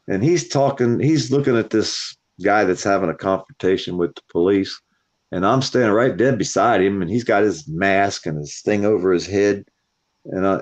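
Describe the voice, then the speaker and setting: A man hosting a live stream, telling stories in a profane, animated way. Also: deep voice. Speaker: stream host. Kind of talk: casual storytelling chat. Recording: dull lo-fi stream audio.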